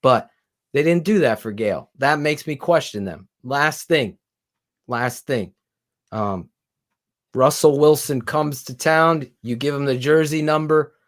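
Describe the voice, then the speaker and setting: Brief: higher-voiced male co-host, fired-up sports talk, swears freely. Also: unhurried. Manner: excitable, swearing, voice rising when heated. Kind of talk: casual sports talk show.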